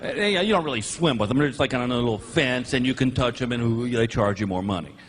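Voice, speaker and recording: A male stand-up comedian telling a story with animated delivery, bursting into shouted punchlines. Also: mid-range voice, quick pace. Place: comedy stage before a live audience. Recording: live stage audio with crowd noise.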